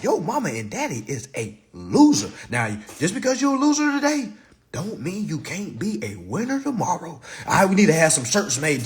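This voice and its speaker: A man giving an animated, preachy monologue to his viewers, mocking and emphatic, with sudden loud jabs. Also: on the high side. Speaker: consumer-credit commentator.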